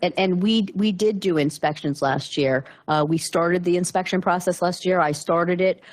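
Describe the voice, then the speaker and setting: Low-voiced woman official reassuring council. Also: normal speed. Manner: formal and reassuring, with many restarts. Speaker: borough official. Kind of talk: council meeting discussion.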